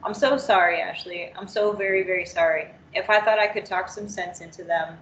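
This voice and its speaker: A woman's voice: on the low side, steady tone, fairly quick, muffled recording, slight background noise, natural voice. Brief: reassuring middle-aged aunt, read by a woman trainer, roomy call audio. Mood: gentle. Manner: gentle, reassuring.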